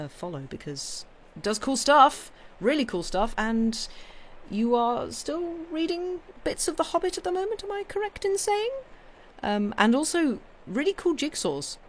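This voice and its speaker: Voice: mid-range voice, big pitch swings, normal speed. A British streamer in casual live chat, rambling between thoughts. The talk is loose and friendly, full of ums and restarts. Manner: chatty, rambling, with frequent fillers and restarts.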